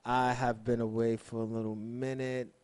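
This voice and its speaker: A man's voice: mid-range voice, flat delivery, moderate pace, a little mellow, smooth. A man hosting a casual podcast, talking in loose slang with lots of swearing. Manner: loose, laid-back slang with frequent swearing. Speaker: podcast host. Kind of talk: casual chat.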